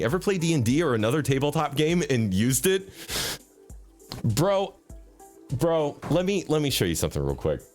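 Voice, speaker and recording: A man streaming a video game, joking, swearing and talking to his chat with sudden jumps in pitch. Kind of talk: casual gaming commentary. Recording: faint background game music.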